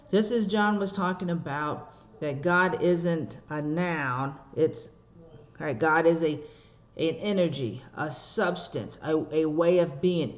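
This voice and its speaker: A woman minister delivers a sermon and tells stories in an animated way, tossing rhetorical asides to her listeners. When she reads scripture she slows down and measures out each phrase. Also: deep voice.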